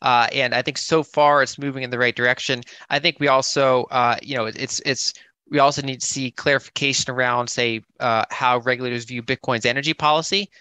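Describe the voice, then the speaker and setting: A man speaks on a conference panel, his voice bright and forward. He hesitates often, restarting his phrases and filling pauses. The sound is dry and close. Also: mid-range voice, fairly even intonation, clear, resonant tone, no room sound. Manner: hesitant, many restarts and fillers.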